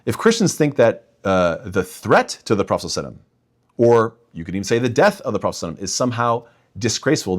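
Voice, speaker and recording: Emphatic man giving a faith rebuttal. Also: deep voice. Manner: emphatic, addresses listeners as "guys". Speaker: imam and apologetics speaker. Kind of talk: religious rebuttal talk.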